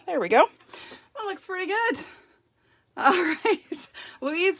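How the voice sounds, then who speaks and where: A woman's voice: high-pitched, pushed and bright. A woman hosting a casual live stamping craft demo, chatty and upbeat, greeting viewers by name. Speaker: stamping craft demonstrator, host.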